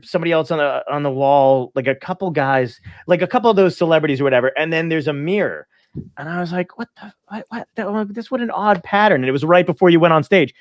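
A man's voice: fairly high pitch, dry recording, studio quality. A man hosting a podcast, telling stories in a loose, laughing way with plenty of swearing. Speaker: podcast host. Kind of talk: casual chat.

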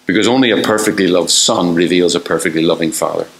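An older man preaches in a low voice, firing off rhetorical questions and slipping into the voices he quotes. The sound rings around an echoey church hall. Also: fast, creaky, fairly bright tone. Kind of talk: sermon.

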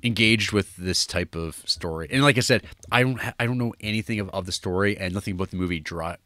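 This podcast co-host has a deep, sharp voice and talks fast, rambling casually about a film with plenty of fillers and restarts. The sound is clean studio audio with no room sound.

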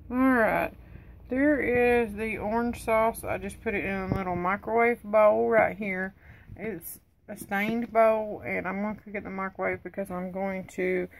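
Reading package instructions aloud, a tired cooking vlogger who's losing her voice chats and rambles in her home kitchen. She speaks unhurriedly in a mid-range voice with fairly even intonation, and the poor recording has slight background noise.

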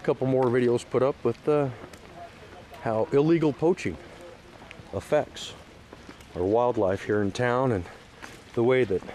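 A man talks his way through a park tour outdoors, rambling and full of fillers and restarts, now and then worked up and preachy. His voice sits at an ordinary middle pitch, with faint background noise underneath. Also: a little mellow. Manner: rambling, hesitant with many fillers, turning heated and preachy. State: emotional, teary at times. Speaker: vlogger giving a park tour. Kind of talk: casual one-take outdoor vlog talk. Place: outdoors at a lakeside state park.

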